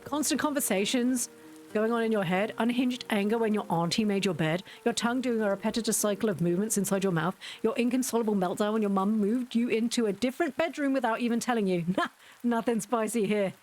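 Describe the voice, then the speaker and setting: A woman's voice: a little high, quick pace, darkish tone. A woman livestreaming, chatting casually and self-deprecatingly to her chat while telling family stories.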